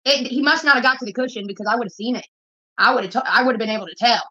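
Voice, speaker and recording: Woman, casual vlog rant, profane and blunt, rapid talk, muffled lo-fi audio. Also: fairly high pitch, pushed and bright, slightly rough. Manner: profane, blunt, rambling storytelling. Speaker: vlogger. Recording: dull lo-fi phone audio.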